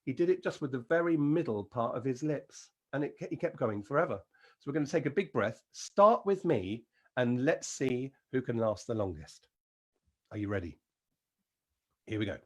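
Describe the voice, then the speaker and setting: A man with an English accent leading an encouraging vocal warm-up lesson as a singing teacher. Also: medium pitch, expressive, moderate pace. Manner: encouraging, demonstrates sounds and sings.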